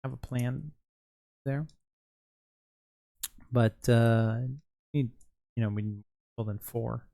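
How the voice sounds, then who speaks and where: A man's voice: mid-range voice, slow, vocal fry, long pauses, mellow, dry recording. A tired man streaming live, rambling casually and answering chat as he runs an online Mafia game. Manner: rambling, responds to chat messages.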